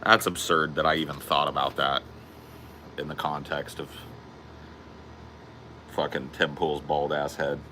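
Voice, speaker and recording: A man's voice: extremely low pitch, level tone, unhurried, pauses often, sharp tone, a little hiss or hum. A man hosting a casual podcast chat, crude and laid-back, calling people bro. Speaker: podcast host.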